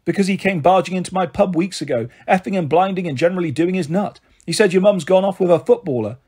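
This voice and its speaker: A man's voice: sits high, fast, slightly rough. A man voicing a hearty, frank middle-aged aunt who runs a pub, in a raised voice. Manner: warm, jolly, frank. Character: hearty big-hearted woman pub landlady aunt, bustling.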